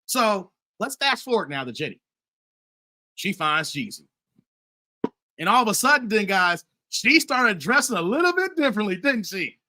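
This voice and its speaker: Animated talkative man with a bright voice. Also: high voice, normal speed. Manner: animated, addresses viewers as guys and fellas; repeats himself and restarts often. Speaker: commentary channel host. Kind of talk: casual commentary live stream.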